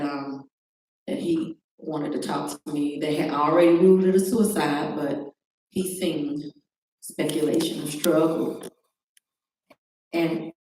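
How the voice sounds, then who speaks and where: Low-voiced woman in an echoey room. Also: a little mellow. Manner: recounts events by acting out quoted phone calls. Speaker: guest. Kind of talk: personal testimony on a talk show. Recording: very echoey room, distant mic, faint noise.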